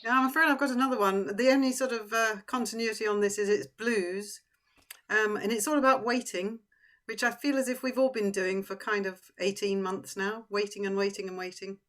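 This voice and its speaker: An English woman on a video call from home, chatting briefly and then singing a slow blues at a folk club online session. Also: mid-range voice, fairly even intonation, fairly bright tone. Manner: chatty, self-deprecating introduction.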